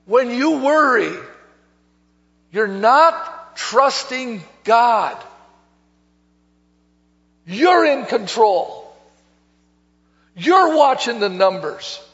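A man's voice: very high voice, very animated, slow, pauses often, sharp tone. A male pastor preaching a sermon, mixing conversational storytelling with emphatic exhortation, heard in a church sanctuary. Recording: long hall reverb, dull lo-fi sound.

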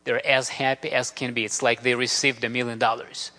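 A man's voice: mid-range voice, little pitch movement, fairly quick, sharp tone. A man giving an earnest, grateful mission talk with slides in a church. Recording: long reverb of a large hall.

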